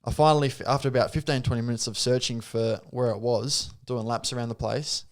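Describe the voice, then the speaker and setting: Young Australian bloke, podcast guest. Chatty, mid-pitched, animated storyteller who acts out the lines he quotes. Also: fairly quick. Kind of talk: casual storytelling.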